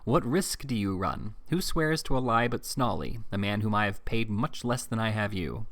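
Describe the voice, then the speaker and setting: A man's voice: lowish voice, moderate pace, a bit bright, no room sound, close to an everyday voice. A man reading aloud as a scheming, commanding moneylender who talks curtly and with emphasis. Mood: stern. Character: scheming stern older male moneylender.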